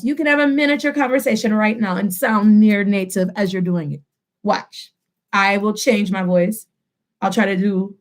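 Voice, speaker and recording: A woman in her thirties teaching a lively online language lesson to students, mixing English and Spanish and repeating phrases as drills. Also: medium pitch, normal speed. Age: 30s.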